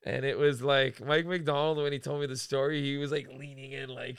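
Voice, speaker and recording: A young man co-hosting a podcast, telling an animated, slangy story and saying "bro" a lot. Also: mid-range voice, a little fast, vocal fry, hardly any pauses, clear, resonant tone, no room sound, studio quality. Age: young adult. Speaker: podcast co-host. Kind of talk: casual chat.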